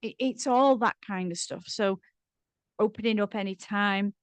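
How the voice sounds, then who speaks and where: A woman's voice: mid-range voice, moderate pace, smooth, no room sound. A middle-aged woman coaching on relationships, talking earnestly to camera and often repeating words as she starts a sentence. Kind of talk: casual advice talk to camera.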